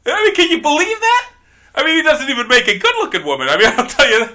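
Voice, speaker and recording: A man's voice: very high voice, big pitch swings, fast talker, sharp tone. Sex: man. Role: podcast guest host. Style: casual comedic chat. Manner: rambling, brash, laughing.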